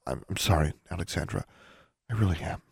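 A man doing a calm, stern older witch. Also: sits low, gravelly, slightly rough, dry recording, clean studio sound, exaggerated voice. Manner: calm, even, measured. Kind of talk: audiobook narration.

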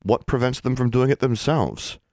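A man voices an earnest teenage girl who believes she can see the future. His mid-range voice is expressive, a little mellow, and natural, pitched above his own voice, at a moderate pace with clean studio sound and no room sound.

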